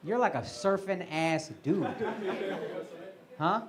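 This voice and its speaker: A male stand-up comedian does crowd work on a club stage, brash and profane as he mocks audience members in a high-sitting voice, taking his time. Loud crowd laughter fills the noisy live club.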